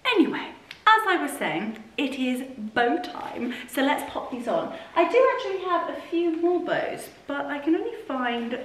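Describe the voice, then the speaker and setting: A woman's voice: high voice, very animated, normal speed, echoey room, poor audio. A British woman vlogging from her living room as she decorates, chatty and gushing, getting sentimental. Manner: gushing, affectionate, prone to getting emotional and laughing. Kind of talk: chatty vlog narration while decorating. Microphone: camera on tripod.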